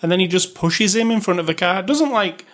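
A man's voice: high-pitched, lively intonation, a little fast, a bit bright. A man co-hosting a casual movie review chat, blunt and sarcastic, laughing often. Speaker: podcast co-host reviewing a movie.

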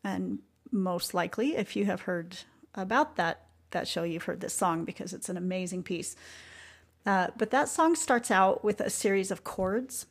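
A woman hosting a podcast, talking in an earnest, reflective way about music and life, with soft asides. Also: mid-range voice, normal speed, slightly rough. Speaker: podcast host.

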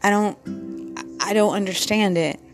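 A woman, a respiratory therapist, telling a personal story in an earnest, halting way, often repeating herself. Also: medium pitch, soft background music.

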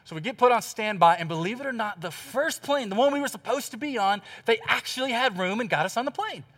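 A man preaching a sermon, telling a story with animated, emphatic repetition. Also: very high voice, fast talker. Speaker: pastor.

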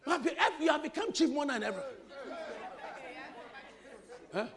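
A man's voice: very high-pitched, fairly quick, creaky. A male pastor preaching a sermon, repeating phrases and teasing the congregation with humor. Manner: animated preaching with repetition and crowd-teasing humor.

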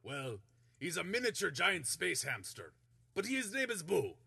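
A man voicing a huge, simple-hearted male warrior who speaks slowly and loudly in broken English. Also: sits high, huge pitch swings, creaky, slightly rough, dry recording, clean studio sound, pitched above the performer's own voice, exaggerated voice. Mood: proud. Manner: slow, loud, broken-English pronouncements.

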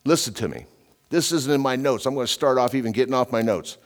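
Preaching chattily through a text verse by verse, a middle-aged radio Bible teacher and preacher stresses points emphatically, slips in "you know" often, and strays from his notes. He has a medium-pitched voice and talks fast.

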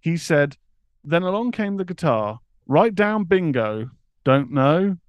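A man's voice: on the high side, very animated, slow, clear, resonant tone, no echo, highs cut off. A man co-hosting a podcast, reading news items aloud and laughing often. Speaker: co-host. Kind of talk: casual chat, reading news.

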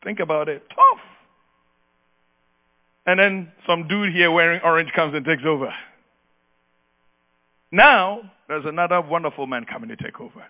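An emphatic male pastor preaching with call-and-response. His voice sits a little high and comes through thin and phone-like, with a steady mains hum underneath. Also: normal speed, pauses often. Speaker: outgoing pastor. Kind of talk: sermon.

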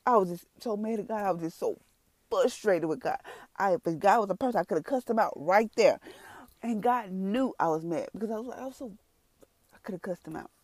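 Tearful woman, warm. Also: medium pitch, expressive, brisk, no echo. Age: adult with three children. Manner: rambling, repeats herself, speaks to listeners as y'all. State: tearful at times. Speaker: person giving a testimony. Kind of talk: emotional personal testimony.

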